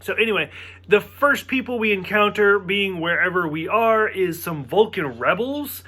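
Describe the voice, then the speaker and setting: A man's voice: high-pitched, expressive, normal speed, sharp tone. A man giving a casual spoken review of a TV episode, rambling with lots of "like" fillers and sounding exasperated.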